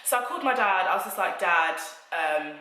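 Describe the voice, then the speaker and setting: A young woman tells a story to camera, chatty and animated. Her voice is bright and forceful. The recording has noticeable room echo. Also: medium pitch, very fast, a little hiss or hum. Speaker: vlogger. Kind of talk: storytime vlog.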